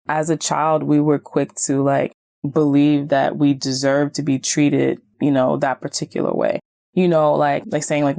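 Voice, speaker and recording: A woman hosting a self-help podcast in a casual, animated way, often acting out what people say. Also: deep voice, creaky, no echo. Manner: animated, acts out quoted voices, many "like"s. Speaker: podcast host and certified hypnotist.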